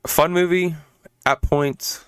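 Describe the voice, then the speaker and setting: A man's voice: fairly high pitch, fairly even intonation, takes it slowly, a bit bright, clear, resonant tone, no room sound. A man hosting a podcast, casually recapping and reviewing a film in an exasperated way, swearing for emphasis and often restarting his sentences. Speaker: podcast host reviewing films.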